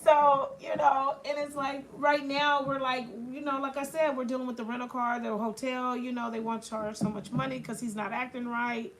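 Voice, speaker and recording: A woman with a fairly high voice rambles through a casual story, leaning on filler phrases. She is recorded on a phone livestream in a nail salon, with the grind of nail sanding clearly heard behind her. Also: flat delivery, normal speed, few pauses, a little hiss or hum.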